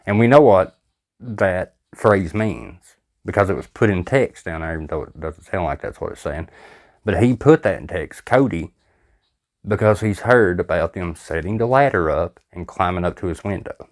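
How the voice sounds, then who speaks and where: A man's voice: low voice, expressive, moderate pace. A man hosting a reaction video, giving angry, sarcastic commentary. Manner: exasperated, sarcastic.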